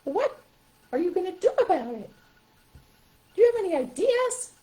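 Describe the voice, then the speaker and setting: Lady doing a tiny puppet critter voice, way high and singsongy, frets "oh no" a lot. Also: very animated, moderate pace, mellow. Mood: concerned. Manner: high, sing-song, fussing "oh no". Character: friendly stuffed animal puppet, small and fussy.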